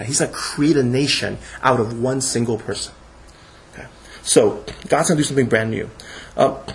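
A man lecturing to a class in a lively, halting way, often restarting his sentences and chuckling as he explains. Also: mid-range voice, slight background noise, low-quality recording. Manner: animated, halting with frequent restarts.

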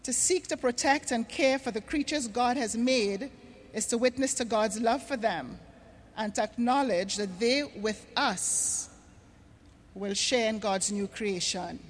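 A woman from Trinidad and Tobago gives an earnest stage address to a huge arena crowd, slowing down to stress key words. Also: on the high side, a little hiss or hum. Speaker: conference speaker. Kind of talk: stage address on faith and creation care. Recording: long reverb of a large arena.

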